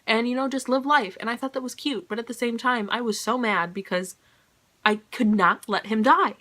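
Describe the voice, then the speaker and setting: Bright-voiced chatty woman reviewing books. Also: a little high, normal speed. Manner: chatty and gushing, full of "like" and "you know". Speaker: book reviewer. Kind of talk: casual spoiler book review.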